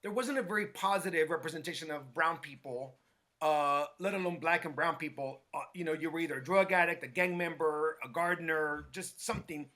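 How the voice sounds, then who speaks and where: A middle-aged man with a high, bright voice recounts his past in a relaxed interview. He gets animated, slips into the voices of people he quotes, and keeps tossing "right?" to his listener. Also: fairly quick. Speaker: guest, hair stylist. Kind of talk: casual storytelling interview.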